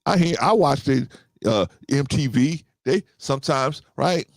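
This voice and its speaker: A man's voice: mid-range voice, lively intonation, unhurried, no echo. A man of about fifty hosting a casual podcast, talking straight to his listeners, repeating himself and often asking "right?". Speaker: podcast host.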